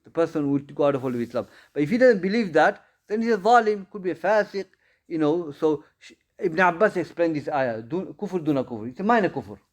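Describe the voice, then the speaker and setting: A man's voice: on the high side, expressive, brisk. A man teaching an informal Islamic studies class, answering students' questions in a conversational way, with many repeats and restarts. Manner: conversational, repeats phrases, frequent restarts and fillers.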